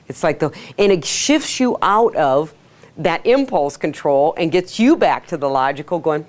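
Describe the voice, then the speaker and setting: A woman teaching a sales workshop to a live audience, energetic, asking the room questions and acting out quotes. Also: lowish voice, moderate pace. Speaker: sales trainer. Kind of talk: workshop lecture.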